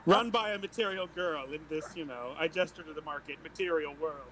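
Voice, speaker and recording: A man's voice: a little high, brisk, fairly bright tone, poor audio. A man playing a tabletop game, playful and giggly, joking in character. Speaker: player.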